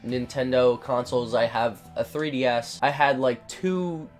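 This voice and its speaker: A man's voice: medium pitch, unhurried. A man talking over his own gameplay in a loose, rambling let's play style, with a mid-range voice. He swears freely when things go wrong. Faint game music plays behind him. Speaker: gaming channel host. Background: faint video game music.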